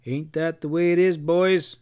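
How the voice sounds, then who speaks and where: A man's voice: a little high, steady tone, measured pace, a little mellow, clean tone, pitched above the performer's own voice, close to an everyday voice. A man voicing a grim, angry leader of a frontier posse, who talks in blunt, threatening folksy speech.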